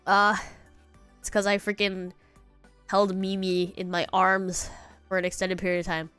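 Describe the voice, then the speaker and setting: A woman's voice: medium pitch, level tone, unhurried, a bit bright, clear, resonant tone, no echo, faint music behind. A congested young woman streamer chatting casually and rambling, now and then singing bits of songs. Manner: rambling, sings snatches of songs. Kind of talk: casual chat.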